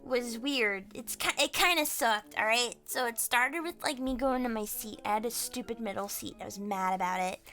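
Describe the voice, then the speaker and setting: A young woman hosting a casual live stream, excitable and quick to laugh, swearing freely as she tells stories. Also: on the high side, soft background music. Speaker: streamer host.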